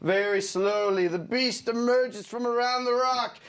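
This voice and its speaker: A man pitching storyboards, playfully narrating the scene out loud and acting it out. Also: unhurried. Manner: playful, laughing, acts out the scene.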